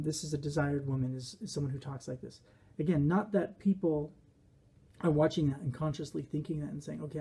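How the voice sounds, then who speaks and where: Casting note: man, rambling reflective commentator, dark mellow tone with a husky edge. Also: fairly high pitch. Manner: rambling, reflective, with quoted asides. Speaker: behaviorist commentator. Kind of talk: casual commentary.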